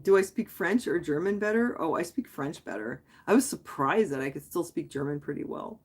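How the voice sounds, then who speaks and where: A woman's voice: sits low, animated, brisk, a little mellow, husky. A woman from Quebec, a native English speaker, hosting a casual late-night livestream and answering viewers' comments in a rambling, candid way. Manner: rambling and candid, thinking aloud with many "like"s and restarts. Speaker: livestream host.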